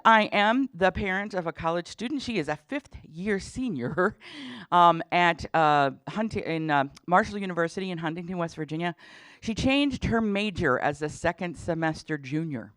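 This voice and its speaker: A woman's voice: lowish voice, a bit bright, no room sound. A middle-aged woman, a dean, giving a chatty, humorous talk to parents at orientation, with many fillers. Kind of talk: presentation to parents.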